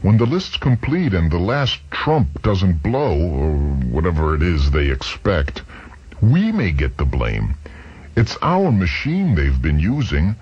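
A man's voice: deep voice, huge pitch swings, measured pace, darkish tone, husky, no echo, heavily acted. A man voicing an anxious young male engineer who speaks urgently, in a dull lo-fi recording. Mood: uneasy. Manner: urgent, worried.

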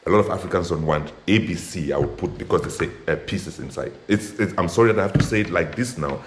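A man's voice: low-pitched, fast, echoey room, background noise. A man from Cameroon in a casual debate, earnest and searching for words with many hesitations. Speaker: activist in a discussion.

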